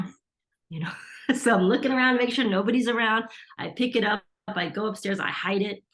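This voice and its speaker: As a podcast guest, a middle-aged Reiki teacher recounts a story conversationally, performing the voices of people she quotes. Her mid-range voice moves quickly and has a fairly bright tone.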